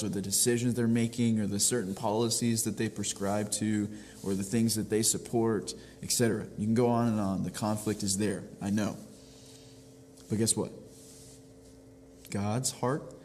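Pastor, male, lower register, earnest explainer, reverberant room with a faint background hum. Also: darkish tone. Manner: earnest, explains step by step with frequent restarts. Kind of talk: devotional teaching.

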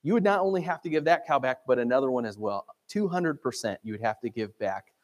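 Pastor, middle-aged man, sermon delivery, chatty and animated, mid-pitched voice. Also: fast talker. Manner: conversational, animated, acts out quotes.

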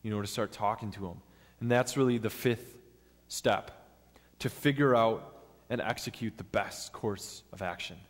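Male preacher, lower voice, earnest and methodical sermon delivery, long reverb of a church hall. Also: normal speed. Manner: earnest, step-by-step teaching with acted-out quotes.

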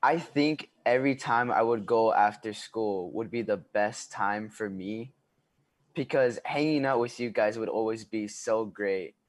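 A man's voice: on the low side, a little slow. A teenage boy on student radio looks back thoughtfully, hesitating at times. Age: teens. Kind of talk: reflective casual chat on radio.

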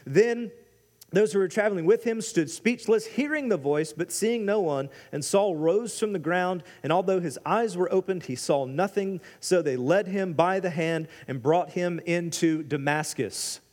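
A man preaching a sermon as pastor, animated, acting out quoted lines with big jumps in his voice. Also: sits high, normal speed, in a large hall.

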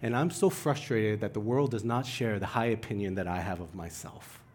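Speaking at normal speed in a lowish voice, a young pastor delivers an animated sermon, letting his voice climb for emphasis. He slips in self-deprecating asides, and there's slight background noise.

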